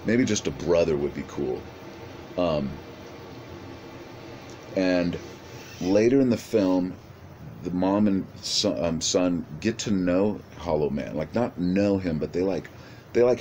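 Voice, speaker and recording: A man with a very low voice pitching a movie idea in a loose, rambling way, swearing freely and restarting his sentences. A faint hiss sits under his voice. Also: expressive, measured pace, long pauses, darkish tone. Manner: rambling, profane, many restarts. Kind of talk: casual rambling monologue.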